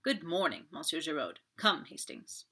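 A woman's voice: low-pitched, big pitch swings, moderate pace, bright, forceful tone, slightly rough, full character voice. A woman voicing a fussy, proud male detective, formal and clipped. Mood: haughty. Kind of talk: audiobook character voice.

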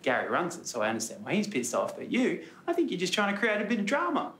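A man's voice: sits high, huge pitch swings, fast, fairly bright tone, slight background noise, exaggerated voice. An indignant young Australian shop worker who has had enough. He argues back with sarcasm, his voice ringing in an echoey room. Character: fed-up young male retail worker.

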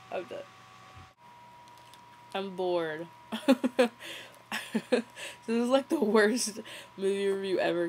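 A woman's voice: fairly low pitch, darkish tone, a little hiss or hum, poor audio. Young adult woman, sarcastic and giggly, casual running movie commentary.

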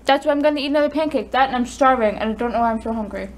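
A woman's voice: a little high, racing, slight background noise. A young woman in a casual home vlog, reluctant and sheepish, often mumbling. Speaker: vlog co-host. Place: home, indoors.

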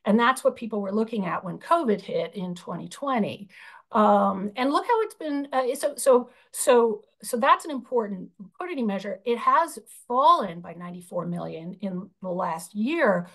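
A woman's voice: medium pitch, animated, moderate pace. A woman chairing a union budget committee, presenting slides over a video call, explaining with frequent fillers and restarts.

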